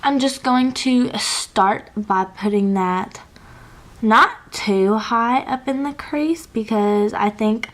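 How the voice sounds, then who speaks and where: Young female beauty vlogger, a bit high-pitched, excitable and rambling, casual get-ready chat. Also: takes it slowly. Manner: chatty, gushing, filler-heavy. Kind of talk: casual makeup tutorial chat.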